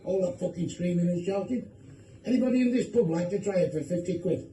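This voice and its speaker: His voice is high-pitched with a dark tone, and he speaks fast with lively intonation while telling bawdy jokes, swearing freely and switching voices for the characters. A phone recorded him from a distance in an echoey room, leaving a little hiss or hum.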